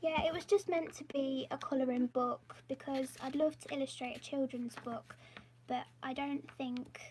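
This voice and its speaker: A woman's voice: sits high, steady tone, normal speed, darkish tone, slight background noise. A woman live-streaming from her home office, chatting in a rambling, self-deprecating way, often dropping to a half-whisper. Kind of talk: casual live-stream chat.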